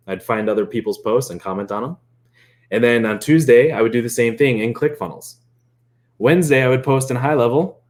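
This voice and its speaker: A man coaching on marketing in a casual, animated way, laughing often and acting out quoted chats. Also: mid-range voice. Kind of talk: casual explainer.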